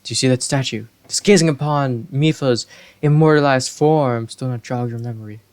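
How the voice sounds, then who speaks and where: A man voicing an aged, huge male fish-folk king in a video game, speaking formally and slowly. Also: mid-range voice, a little mellow, lightly acted. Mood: regal. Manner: formal, stately, slow and courtly.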